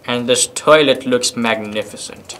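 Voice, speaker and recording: A man hosting a gaming video, commentating with loud, playful exclamations and goofy banter. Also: medium pitch, unhurried. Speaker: gaming host.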